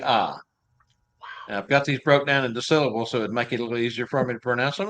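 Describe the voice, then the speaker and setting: An easygoing man with a Texas drawl hosts a live show in a relaxed, chatty way. He jokes about his own slips and laughs along as he goes. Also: medium pitch, brisk. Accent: Texan. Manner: jokey, laughs at himself, easygoing. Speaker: show host. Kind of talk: casual live show chat.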